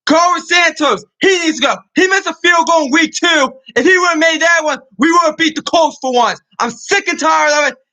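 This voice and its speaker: A man's voice: very high-pitched, normal speed, hardly any pauses, bright, forceful tone, poor audio. A young man on his own sports channel, ranting furiously about a loss, swearing and repeating himself. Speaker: sports vlogger. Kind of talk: angry sports rant.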